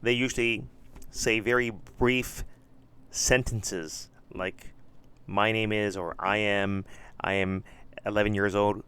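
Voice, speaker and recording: Slow, careful man teaching English. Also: on the low side, little pitch movement, a bit bright. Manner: reads model questions and answers slowly and clearly. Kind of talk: slow lesson-plan walkthrough.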